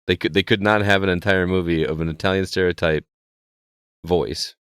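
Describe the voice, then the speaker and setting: A man with a very deep, resonant voice hosts a laid-back gaming podcast. He chats loosely with his co-hosts and runs through announcements in an easy tone. The sound is dry and close. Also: moderate pace, clear, resonant tone, no room sound. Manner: relaxed and chatty, reads show plugs. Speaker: podcast host. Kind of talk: casual podcast chat.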